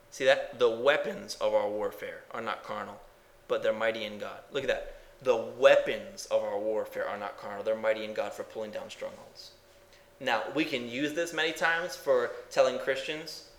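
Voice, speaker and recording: A man's voice: mid-range voice, roomy sound. A man preaching a sermon in a folksy, emphatic way. He asks the congregation questions and then answers them himself. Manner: folksy, says "ain't", builds to emphatic bursts.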